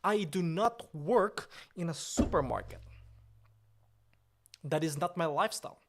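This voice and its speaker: A man's voice: a little high, a little slow. A man playing a pompous, boastful, easily offended company boss on a comedic livestream, talking in an indignant, grandiose way.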